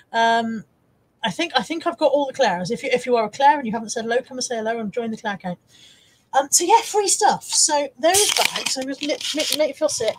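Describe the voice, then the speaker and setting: A middle-aged woman with a high, animated voice speaks at a moderate pace on a casual live stream from her home, the audio poor and recorded by a wired camera nearby. She reads viewers' comments with a chatty, teasing manner and shows off goods she has bought to resell.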